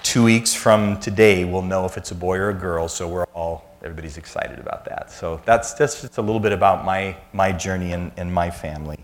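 A man's voice: deep voice, steady tone, fairly quick, hardly any pauses. A man in his fifties, a church speaker giving a conversational sermon full of self-deprecating family anecdotes.

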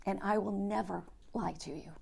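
A woman voicing an earnest, honest male employee who speaks in a calm way. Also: medium pitch, normal speed, gravelly.

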